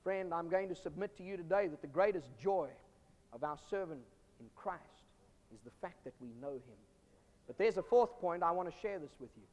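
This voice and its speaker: A man preaching a sermon as pastor, emphatic, swinging from loud bursts to quiet storytelling. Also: high-pitched, lively intonation, a little fast. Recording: long hall reverb.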